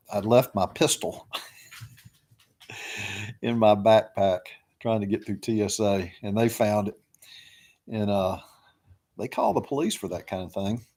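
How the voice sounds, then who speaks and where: Casting: middle-aged man, lower voice, drawling, loose and filler-heavy storytelling host. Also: unhurried, long pauses. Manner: rambling, drawling with many fillers. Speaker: live stream host. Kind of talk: casual storytelling chat.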